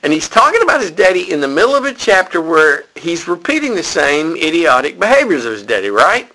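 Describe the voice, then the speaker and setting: Gravelly, bright-voiced man teaching Bible study. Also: fairly high pitch, fairly quick, rough recording. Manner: conversational, animated when stressing a point.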